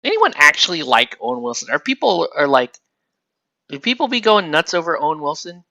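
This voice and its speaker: A man chats casually on a livestream while he paints miniatures, rambling from one excited aside to the next. His voice is bright and sharp, and the sound is dry and close to the mic. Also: on the high side, brisk, creaky, no room sound. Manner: rambling, excitable, laughs often. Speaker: livestream host.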